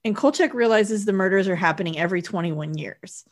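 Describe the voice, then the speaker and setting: A woman's voice: mid-range voice, a little fast, hardly any pauses. A woman in casual chat, walking through a film's plot step by step with dates and times. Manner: steady plot summary, reads out dates and times. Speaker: podcast co-host. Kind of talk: casual chat recapping a film.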